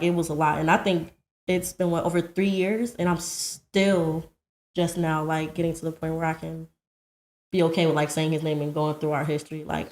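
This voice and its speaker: A woman co-hosting a podcast, talking bluntly and animatedly in casual chat and laughing easily. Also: fairly low pitch. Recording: echoey room.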